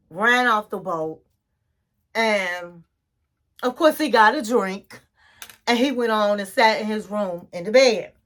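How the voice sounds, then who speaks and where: A woman giving a gossipy, animated recap of a reality TV episode. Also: high-pitched. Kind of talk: casual recap commentary.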